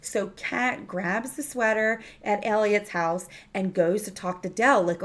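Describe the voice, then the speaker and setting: A woman's voice: medium pitch, fairly even intonation, unhurried. A woman reviewing a TV episode in a casual, chatty recap, full of fillers and restarts.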